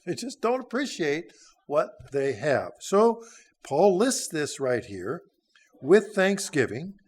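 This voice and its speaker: A man's voice: fairly high pitch, very animated, slow, husky. Older man preaching in a folksy way. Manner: folksy, conversational Bible teaching with frequent "uh". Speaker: church speaker. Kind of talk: sermon.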